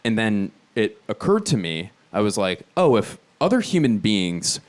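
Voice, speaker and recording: A man in his thirties from Philadelphia doing a stand-up comedy set on stage, animated and often leaping into shrieking high voices for his bits. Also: unhurried. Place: theater stage before a live audience. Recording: live show with loud audience noise.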